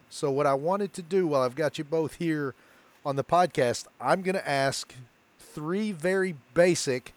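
A man hosting a casual podcast, upbeat and playful as he runs a trivia quiz. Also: a little high. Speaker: podcast host.

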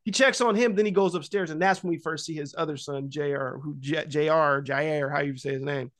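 A man's voice: on the high side, a little fast, fairly bright tone. A man hosting a podcast, casually and profanely retelling a horror film scene with lots of fillers and acted-out lines. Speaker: podcast host.

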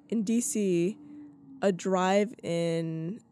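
A woman's voice: medium pitch, lively intonation, a little slow, darkish tone, a little hiss or hum. A young woman co-hosting a podcast in casual chat, rambling with lots of fillers. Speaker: podcast co-host.

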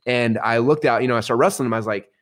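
A middle-aged man, a podcast guest, telling stories in a casual, animated way. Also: mid-range voice, fast. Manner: animated, swings into excited outbursts. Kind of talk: casual storytelling.

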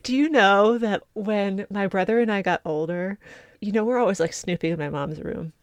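A middle-aged woman co-hosting a podcast with a slight lisp, telling stories in an animated way and laughing often. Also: mid-range voice, moderate pace, no echo. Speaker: podcast co-host. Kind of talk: casual chat.

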